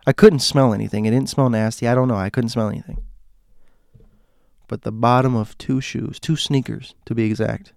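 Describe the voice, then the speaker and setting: Gravelly man telling a halting personal story. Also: medium pitch, steady tone, darkish tone, no echo, studio quality. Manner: halting, self-correcting, conversational. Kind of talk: personal ghost story told casually.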